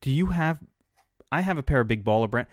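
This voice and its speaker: Animated, opinionated male co-host. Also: medium pitch, fairly quick, dry recording, clean studio sound. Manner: opinionated, animated, swears freely, stammers on restarts. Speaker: podcast co-host. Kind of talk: casual fantasy sports chat.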